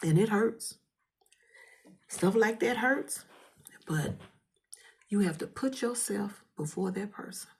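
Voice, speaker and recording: A woman giving an emotional spoken testimony in a fervent, preacher-like way, often dropping to a hushed whisper while holding back tears. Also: mid-range voice, animated, slow pace, vocal fry, pauses often. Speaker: vlogger sharing a testimony.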